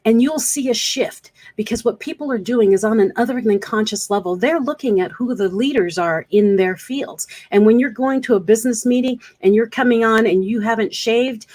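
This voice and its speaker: A woman's voice: on the high side, normal speed, few pauses, darkish tone. A woman speaker coach talking straight to camera in an earnest, coaching manner, repeating points for emphasis. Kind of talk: direct-to-camera advice vlog.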